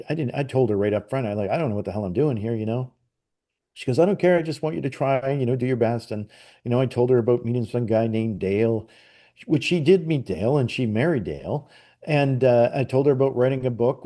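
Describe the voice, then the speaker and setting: A middle-aged man with a mellow, relaxed voice of ordinary pitch tells a story as a podcast guest. He rambles, circling back with "and so anyway" and frequent fillers and restarts. The talk is casual and conversational. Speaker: podcast guest, psychic medium.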